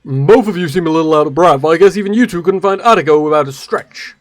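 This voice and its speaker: Man voicing a dry, calm ship girl. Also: fairly high pitch, fast, lightly acted. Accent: English.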